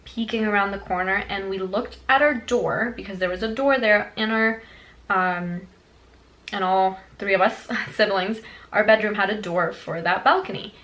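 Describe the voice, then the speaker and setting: A young woman vlogger telling a childhood story in a chatty, animated way, full of fillers. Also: mid-range voice, moderate pace, low-quality recording. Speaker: beauty vlogger. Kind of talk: storytime vlog.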